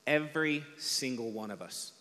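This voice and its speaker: Bright-voiced pastor in a reverberant hall. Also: male voice, mid-range voice, moderate pace. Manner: conversational, self-deprecating preaching with acted-out quotes. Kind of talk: sermon. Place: large church hall. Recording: long hall reverb from a church PA.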